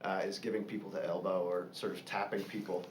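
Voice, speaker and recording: Guy with a lowish voice telling a story slowly, lots of ums, bit of hiss. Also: level tone. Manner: thoughtful, halting, many ums and uhs. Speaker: co-host sharing family stories. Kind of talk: casual storytelling chat. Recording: echoey room with faint hiss.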